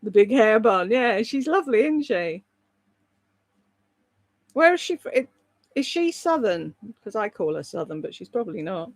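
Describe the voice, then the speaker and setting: A woman's voice: medium pitch, big pitch swings, moderate pace, long pauses, dry recording. A British woman chatting casually on a live stream, rambling between topics and reading out viewer comments. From Britain. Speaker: live streamer and voice-over artist.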